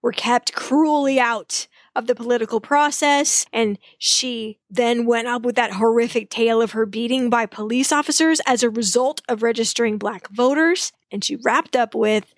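A woman co-hosting a history podcast, telling the story in a chatty, animated way with playful asides. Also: a little high, normal speed, hardly any pauses, no room sound. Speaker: podcast co-host.

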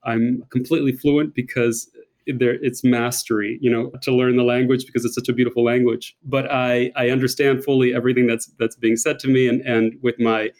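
A man's voice: mid-range voice, little pitch movement, fairly quick, darkish tone. An American man speaking as a guest in an interview, effusive and enthusiastic, often repeating words as he searches for them. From United States. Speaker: guest, author and designer. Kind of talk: interview conversation.

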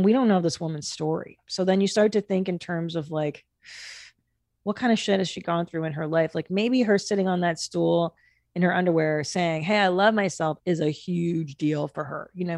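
A woman hosting a podcast in casual chat, blunt and animated, swearing freely. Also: lowish voice, normal speed, vocal fry, dry recording. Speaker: podcast host.

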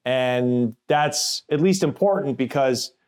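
A man's voice: mid-range voice, slow pace, a little mellow, clear, resonant tone. A man telling his own story in a plainspoken, blunt way, casual and with swearing, acting out other people's voices in quotes. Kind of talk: first-person storytelling podcast.

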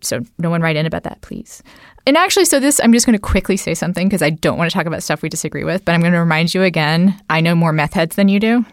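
A woman co-hosting a political discussion, animated and emphatic, her pitch jumping up on key words, with many "like" and "you know" fillers. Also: fast talker, no room sound. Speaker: podcast co-host.

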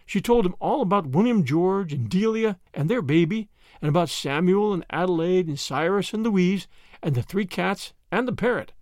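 A man narrating a storybook aloud in an expressive, animated way. His voice is high and lively, swinging up and down, and the recording is close and dry. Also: normal speed, no room sound. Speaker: audiobook narrator.

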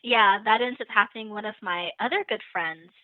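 A young adult woman calling in and telling a story in a casual, animated way, often laughing. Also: mid-range voice, fairly quick, no echo. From lives in the Netherlands. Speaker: caller. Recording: tinny phone line.

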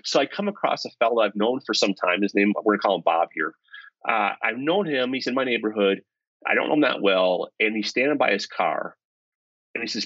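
A man being interviewed as an author, telling a story with lively swings between hushed asides and excited emphasis. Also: fairly low pitch, a little fast, dry recording, highs cut off. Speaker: author and guest. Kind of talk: animated storytelling.

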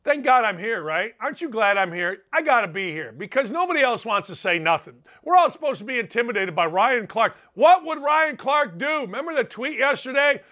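Middle-aged male sports host, ranting and profane, high-pitched and edgy tone. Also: big pitch swings, brisk, hardly any pauses, sharp tone. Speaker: sports talk show host. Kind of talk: opinionated podcast monologue.

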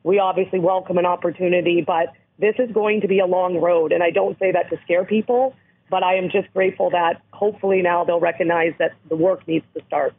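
A woman from Canada with a hoarse voice, speaking earnestly as an interview guest who educates on abuse prevention. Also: on the low side, fairly even intonation, brisk. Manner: earnest, emphatic, explanatory. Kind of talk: interview over the phone. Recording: tinny phone line.

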